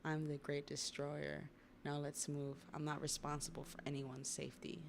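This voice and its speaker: A woman voicing a gruff giant man who calls himself a destroyer, speaking low and blunt. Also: completely flat delivery, moderate pace, background noise. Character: gruff giant male self-styled destroyer.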